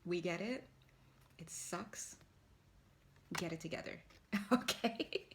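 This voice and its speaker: A woman's voice: fairly low pitch, slow pace, a little hiss or hum. A woman giving a casual spiritual tarot reading, rambling and chatty, with playful asides and acted-out quotes. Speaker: tarot reader.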